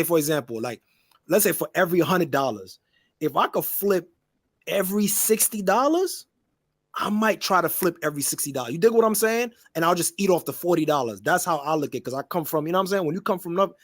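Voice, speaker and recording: A man's voice: on the high side, no echo, clean studio sound. A man in a casual podcast chat, slangy and full of fillers, checking in with the listener over and over. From New York. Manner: slangy, full of fillers like "you dig what I'm saying".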